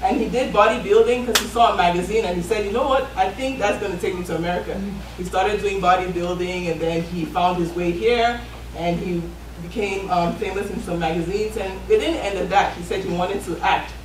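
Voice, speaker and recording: A woman hosting a live event, giving a motivational pep talk with hesitant ums. Her voice is distant from the mic, in an echoey room with steady background noise. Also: fairly low pitch, brisk, hardly any pauses. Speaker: event host.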